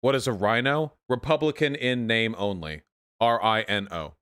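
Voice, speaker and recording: Young dude streaming, sarcastic and cussing a lot, talking to chat, normal pitch. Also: male voice, moderate pace, clean tone. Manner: swearing, sarcastic, animated, reacting to chat. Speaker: livestream host. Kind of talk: casual livestream commentary.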